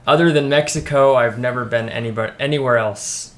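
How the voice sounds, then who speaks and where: Relaxed young man, mid-pitched. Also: a little fast. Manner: relaxed, hesitant, lots of fillers and restarts. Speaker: guest friend. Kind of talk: casual chat.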